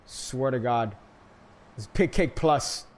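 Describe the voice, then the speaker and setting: A young man from Florida giving casual gameplay commentary, rambling and joking, with sudden loud hyped outbursts. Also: medium pitch, slow. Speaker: gaming streamer.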